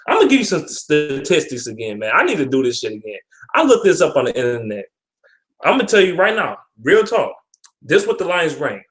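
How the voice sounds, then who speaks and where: A young man ranting with frustration about his football team, profane and repetitive. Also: fairly high pitch. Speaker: sports fan vlogger. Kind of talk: ranting sports commentary. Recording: echoey room.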